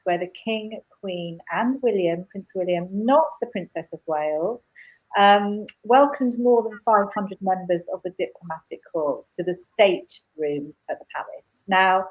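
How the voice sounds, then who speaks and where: A woman with a mid-pitched voice, speaking from a studio. She presents royal news in a chatty, enthusiastic way. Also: a little mellow, rough recording. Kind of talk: casual news chat.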